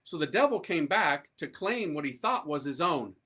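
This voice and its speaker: A priest from the United States tells his conversion story to a live audience in a loose, slangy, animated way. His voice sits a little high for a man and rings bright and forceful. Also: moderate pace, husky. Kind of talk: conversion testimony talk to an audience.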